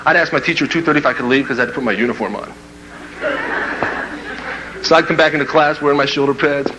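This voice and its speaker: A man's voice: on the high side, fast talker, background noise. A man telling a funny personal story to an audience as a motivational speaker, acting out the voices in it with lots of energy. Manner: animated, acts out quoted voices and laughs at his own story.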